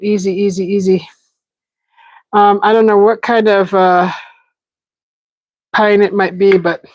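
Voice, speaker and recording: Out in a desert yard, a woman hosts a casual livestream, chatting with viewers in a loose, giggly manner and often restarting her sentences. Her voice is mid-range. The recording has no echo but is low in quality.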